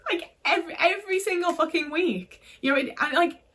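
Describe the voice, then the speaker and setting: A woman's voice: extremely high pitch, a little fast, fairly bright tone, distant mic. A young woman from the UK telling a personal story in casual talk, frank and full of swearing and filler words. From United Kingdom. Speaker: vlogger.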